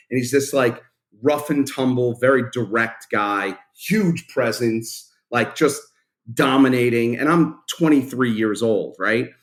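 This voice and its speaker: Fifties guy, founder type, lively blunt storyteller, salty casual talk. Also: mid-range voice. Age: 50s. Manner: animated, casual and blunt, swears freely. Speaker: company founder, guest. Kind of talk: storytelling in a podcast interview.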